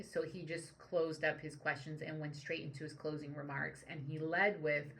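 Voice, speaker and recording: A woman's voice: deep voice, level tone, normal speed, creaky, hardly any pauses, a bit bright, slight background noise. A woman coach hosting her own show, analyzing leadership behavior in a reflective, casual commentary style with frequent fillers. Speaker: leadership coach and podcast host. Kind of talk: solo commentary on current events.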